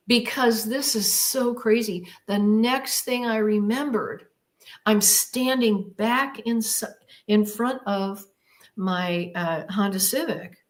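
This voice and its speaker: A woman recounts a personal experience in an interview, taking her time with each phrase. She tells it vividly and emphatically, repeating words for effect and acting out her own past exclamations. Her voice sits at a middle pitch. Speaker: podcast guest.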